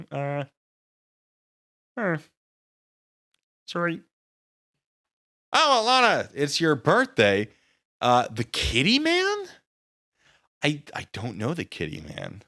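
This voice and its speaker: A man's voice: a little high, wildly swooping pitch, slow, gravelly, long pauses, pushed and bright. A man chatting casually on a live stream, rambling and hesitant, with many fillers.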